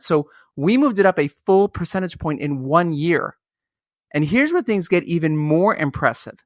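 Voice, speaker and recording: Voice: mid-range voice, no echo, clean studio sound. A host from Long Island, reading an upbeat intro and then chatting with a guest. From Long Island, New York. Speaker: podcast host. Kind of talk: scripted intro then casual interview.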